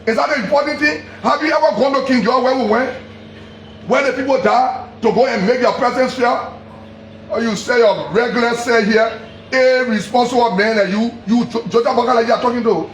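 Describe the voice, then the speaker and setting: A man with a Liberian English accent delivers a heated public tirade in a very high, strained register. He hammers the same accusations again and again and breaks into shouts at times. His voice bounces around an echoey room over faint background noise. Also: fairly quick. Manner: heated, accusatory, repeating himself, sometimes shouting. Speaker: politician. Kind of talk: angry public address.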